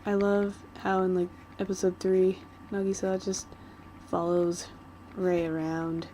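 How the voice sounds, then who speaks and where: A woman's voice: fairly low pitch, level tone, a little slow, mellow, a little hiss or hum, low-quality recording. A woman vlogger chatting casually while she doodles, rambling and giggling like a gushing fan.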